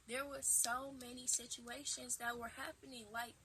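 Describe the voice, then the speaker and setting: This very noisy clip has a vlogger in her twenties, voice on the high side, sharing a laid-back storytime at home to her camera. Her pace is moderate, and she livens things up by performing the dramatic retorts she quotes.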